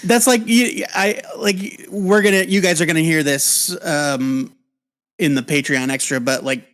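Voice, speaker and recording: A man with a slightly raised pitch co-hosts a relaxed podcast chat over a call mic. He keeps restarting his sentences and trailing off mid-thought as he works his point out. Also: unhurried. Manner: restarts and trails off while thinking. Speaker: podcast co-host. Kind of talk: casual chat.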